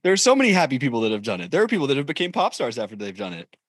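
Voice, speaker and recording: A man hosting a casual chat, making wry deadpan jokes. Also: mid-range voice, rapid-fire, breathy edge, no echo.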